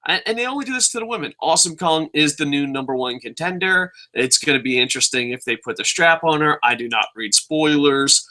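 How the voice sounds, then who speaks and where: A man's voice: on the high side, lively intonation, fairly quick, hardly any pauses, bright, forceful tone. A young man reviewing a wrestling show in a profane, sarcastic rant, acting out quotes as he goes. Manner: sarcastic, swears constantly, acts out quotes.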